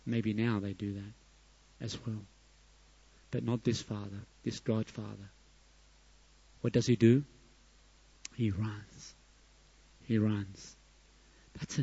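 Slow, emphatic male preacher. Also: medium pitch, no echo, lo-fi sound. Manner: emphatic, surging to loud peaks then dropping soft. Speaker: pastor. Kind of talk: sermon.

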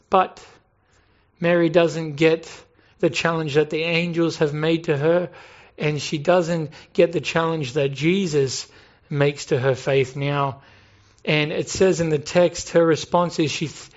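A man's voice: fairly high pitch, fairly even intonation, a little slow, highs cut off. A man preaching a sermon in an earnest way, asking rhetorical questions and building emphasis. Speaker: pastor.

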